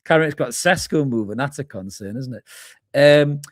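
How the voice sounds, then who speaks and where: A man's voice: mid-range voice, expressive, normal speed, no echo, clean studio sound. A man hosting a live fan reaction stream, chatting informally as he reads out viewers' comments and calls them mate. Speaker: fan channel host. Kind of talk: live match reaction, reading chat comments.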